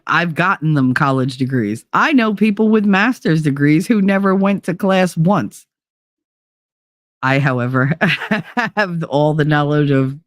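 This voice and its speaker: A low-voiced woman hosts a livestream talk show, chatting casually with her live chat audience. She's a blunt, profane storyteller who laughs a lot and slips into put-on accents; the sound is studio quality without echo.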